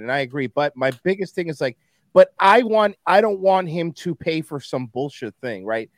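A man's voice: a little high, lively intonation, moderate pace, no room sound. A man co-hosting a podcast, talking in blunt, profane, jokey casual chat.

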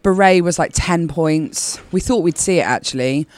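A woman's voice: fairly low pitch, darkish tone. Chatty Bristolian woman. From Bristol, England. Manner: chatty, rambling, quick asides. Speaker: comedian guest. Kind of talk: casual interview chat.

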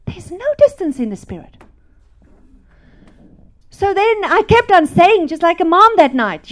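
A middle-aged woman from South Africa preaching a testimony sermon, animated and laughing, swinging from loud to hushed. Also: very high-pitched, moderate pace, pauses often.

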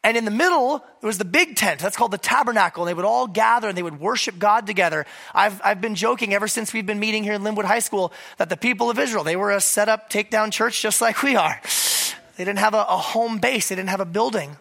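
A middle-aged pastor with a cold, preaching a sermon to a church that meets in a high school, relaxed and joking between points. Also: fast, vocal fry. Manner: conversational with joking asides. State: hoarse from a cold.

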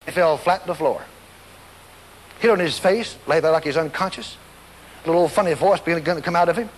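A man's voice: high-pitched, fast talker, in a large hall, a little hiss or hum. A man preaching a storytelling sermon, acting out scenes and voices and laughing along as he goes.

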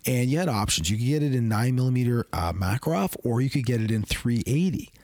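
A man's voice: medium pitch, expressive, fast, darkish tone, no room sound. A man, a podcast guest and firearms collector, talking casually in a rambling way full of fillers and restarts. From Canada.

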